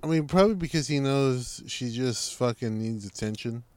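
A man trading crude jokes on a podcast, laid-back and a little sleepy in his delivery. His voice sits at a middle pitch. The sound is dry and close-miked. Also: normal speed, a little mellow, dry recording. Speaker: podcast co-host. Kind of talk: crude casual banter.

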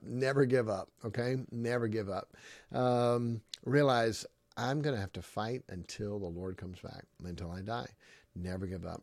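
A male pastor giving a sermon, repeating key phrases with emphasis, swinging from loud to hushed and pausing on ums and uhs. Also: medium pitch, dry recording, studio quality.

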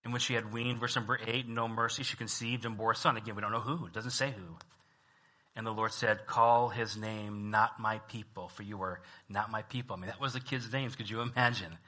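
Male preacher, very bright and sharp tone, conversational sermon delivery that drops low then surges loud. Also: fairly even intonation, brisk. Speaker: pastor.

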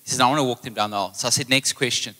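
A man's voice: mid-range voice, rapid-fire. A man preaching a live sermon as pastor, telling a story and acting out both sides of a conversation. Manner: storytelling, animated retelling of conversations. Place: church hall. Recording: long hall reverb.

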